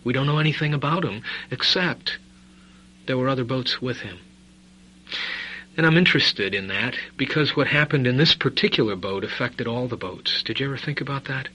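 Bright-voiced emphatic male preacher. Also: mid-range voice, slightly rough, low-quality recording. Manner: emphatic, rhetorical questions, swings between loud stress and quiet asides. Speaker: preacher and Bible teacher. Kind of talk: sermon.

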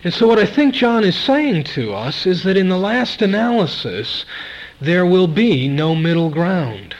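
A man preaching a sermon at a church service, emphatic and repeating key words, swinging between loud and soft. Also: high voice, big pitch swings, unhurried, highs cut off.

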